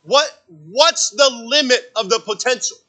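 A man preaching a sermon as pastor, repeating phrases for emphasis and swinging between loud emphatic peaks and hushed low passages. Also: a little slow. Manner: repeats phrases for emphasis, asks the congregation for amens.

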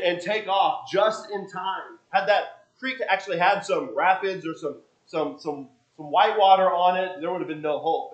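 A man preaching a sermon, often repeating and restarting his phrases, and moving between soft low asides and loud bursts. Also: poor audio.

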